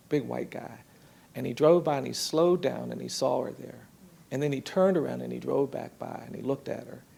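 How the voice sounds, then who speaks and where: A man telling a story from his work in an earnest, measured way, voicing the people in it softly. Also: mid-range voice. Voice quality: gravelly, husky. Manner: earnest, measured storytelling with soft quoted voices. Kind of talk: storytelling talk.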